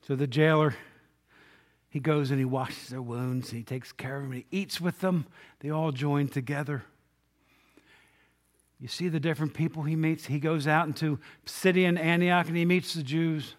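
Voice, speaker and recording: A man preaching a sermon in a church, his voice a little higher than most men's. He talks to the congregation like friends, firing off rhetorical questions and dropping from loud calls to near hushes. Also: steady tone, moderate pace. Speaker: pastor. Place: church sanctuary.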